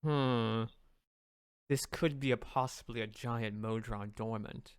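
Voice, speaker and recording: Rambling player guy, smooth clear voice, dry close mic. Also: medium pitch, fairly even intonation, slow, no room sound. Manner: rambling, keeps saying "like". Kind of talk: casual chat at the game table.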